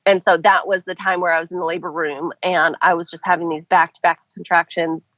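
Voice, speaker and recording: Chatty young woman, low voice, dull dry sound. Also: little pitch movement, a little fast, fairly bright tone, no room sound. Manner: chatty, many "like" and "um" fillers. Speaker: podcast guest. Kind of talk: casual storytelling. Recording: dull, dry podcast audio.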